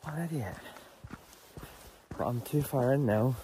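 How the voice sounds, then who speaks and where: A man's voice: mid-range voice, a little slow, noisy background. A man talking casually to camera on a travel vlog, chatty and self-deprecating, on a hiking trail outdoors. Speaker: vlogger.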